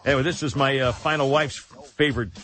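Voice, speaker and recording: A man's voice: mid-range voice, steady tone, quick pace, fairly bright tone. A man hosting a radio talk show in a casual chat style, rambling and self-mocking, on a studio microphone.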